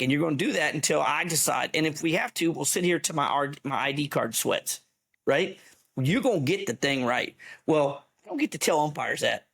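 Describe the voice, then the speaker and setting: A man co-hosting a podcast, a softball coach talking bluntly and with emphasis, swearing casually. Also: fairly high pitch, animated, normal speed, gravelly, husky.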